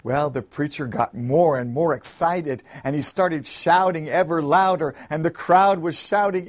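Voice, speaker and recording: A man delivering a sermon as host and pastor. He tells his story in an animated, folksy way in a fairly high voice. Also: a little slow, few pauses.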